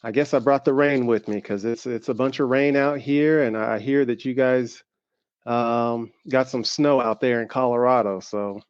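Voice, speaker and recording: A man's voice: mid-range voice, fairly even intonation, moderate pace, clean tone, no echo. Southern-accented male co-host, rambling chatty delivery, muffled lo-fi recording. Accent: Southern American. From American South. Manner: rambling, many fillers and restarts. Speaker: podcast co-host. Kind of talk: casual podcast conversation. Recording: dull lo-fi sound.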